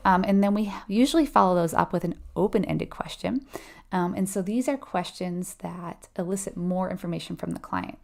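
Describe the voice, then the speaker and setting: A woman's voice: medium pitch, brisk, creaky, darkish tone. A woman tutoring nursing students through an exam question, casual and conversational, often checking in with "right?". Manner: acts out short quoted replies with a laugh.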